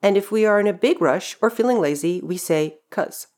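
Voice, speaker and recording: A woman reading a scripted pronunciation lesson, speaking carefully and clearly and demonstrating example phrases. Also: mid-range voice, animated, fairly quick, darkish tone. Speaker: pronunciation teacher. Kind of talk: scripted instructional narration.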